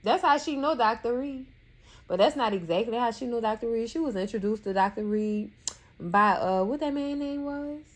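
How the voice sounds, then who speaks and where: A woman giving casual TV recap commentary in a sassy, animated way, scolding the characters and calling her viewers cousins. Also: on the high side, normal speed. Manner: colloquial, addresses viewers as cousins.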